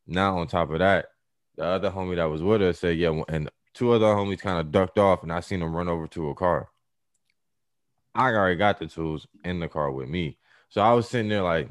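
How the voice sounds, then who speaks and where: Deep, profane young man telling a story. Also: dry recording, studio quality. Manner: profane, slangy, animated retelling. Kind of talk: casual storytelling.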